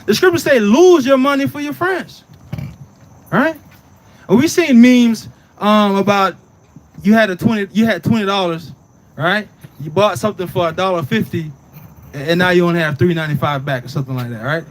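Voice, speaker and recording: High-voiced man teaching scripture. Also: a little fast. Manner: keeps asking "right?" and "you understand?"; prompts the reader to read on. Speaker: Bible teacher.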